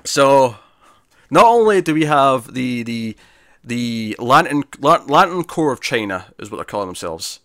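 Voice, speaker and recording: A man's voice: medium pitch, big pitch swings, unhurried, fairly bright tone, dry recording. Rambling man on a dry mic. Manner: rambling, lots of fillers and restarts. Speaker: podcast co-host reviewing comics. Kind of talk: casual chat.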